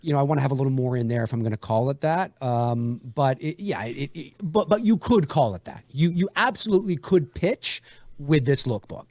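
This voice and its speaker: A man's voice: mid-range voice, lively intonation, a little fast, a little mellow, no room sound. A man talks through his indie horror film plans in a rambling, easygoing way. He piles up fillers and false starts, and his voice sits in a mid range. The sound is dry and close, with no room around it. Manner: rambling, many fillers and restarts. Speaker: indie horror filmmaker and guest. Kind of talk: casual interview chat.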